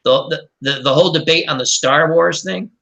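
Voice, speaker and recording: A man's voice: fairly high pitch, fairly quick, vocal fry, bright, forceful tone. A man hosting a casual online group chat, talking enthusiastically and rambling with many restarts. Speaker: host of an online chat show.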